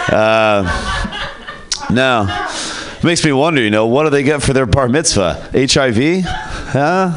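A man doing a stand-up set at an open mic, with a matter-of-fact, deadpan delivery. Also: medium pitch, normal speed, a little hiss or hum. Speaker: stand-up comic. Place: comedy open mic stage.

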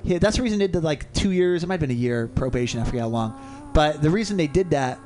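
A man co-hosting a radio show in a studio, telling a long story in a rambling, animated way and swearing freely. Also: a little high, fast, a little hiss or hum. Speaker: co-host. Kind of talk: casual storytelling on talk radio.

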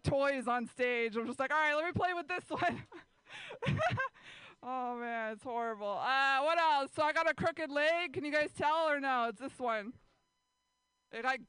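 Stand-up woman, chatty, laughing, crowd work, high bright voice. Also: no room sound, rough recording. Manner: chatty, laughs between lines, talks to the crowd. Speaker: stand-up comedian. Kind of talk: stand-up set. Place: small radio studio comedy show.

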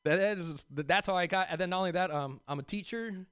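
Working a crowd with a loose, rambling stand-up set, a comedian from South Central Los Angeles fills his talk with fillers, restarts, and asides, calling the audience "y'all." His slightly high voice is smooth, clear, and a bit bright, and he talks fast. The sound is dry and close without room echo.

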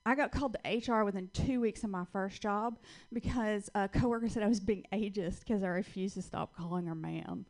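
A woman's voice: mid-range voice, darkish tone. A woman in her forties from Georgia with a Southern accent, doing a brash, dry stand-up set on a club stage. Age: 40s. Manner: dry, brash storytelling with punchline pauses. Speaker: stand-up comedian.

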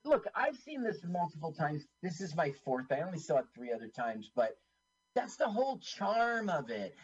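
A man co-hosting a casual watch-along chat, playful and joking, with a husky voice. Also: on the high side, big pitch swings, moderate pace, lo-fi sound. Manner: playful, doing silly put-on voices. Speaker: podcast co-host.

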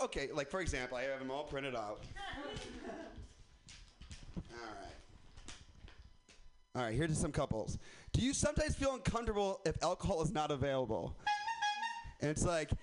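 A man's voice: a little high, very animated, normal speed, long pauses. A man doing a rambling, self-deprecating stand-up set at an open mic, laughing at his own jokes. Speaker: stand-up comedian. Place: comedy club open mic. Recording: faint background noise.

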